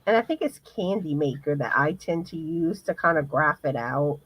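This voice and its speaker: Hoarse low-voiced woman. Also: animated, normal speed, a bit bright, no echo, low-quality recording. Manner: hesitant, restarts often. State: hoarse, voice going in and out. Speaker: co-host of a crochet livestream. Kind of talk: casual livestream chat.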